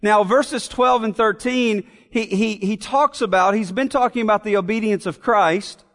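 A man's voice: high-pitched, moderate pace, fairly bright tone, long reverb tail. A man preaching an expository sermon in an earnest way, repeating key phrases and asking rhetorical questions. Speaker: pastor.

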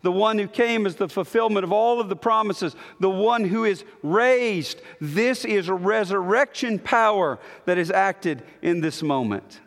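Emphatic high-voiced male preacher. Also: unhurried, gravelly, few pauses. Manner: emphatic, repetitive declarations, swings from loud to hushed. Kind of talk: sermon. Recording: long hall reverb.

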